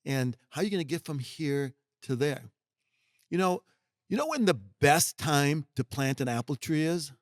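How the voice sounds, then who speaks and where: Speaking as a podcast guest, a middle-aged executive mentor comes across emphatic and folksy, now and again voicing other people's lines. His fairly high-pitched voice is expressive at a moderate pace, recorded at studio quality with no echo.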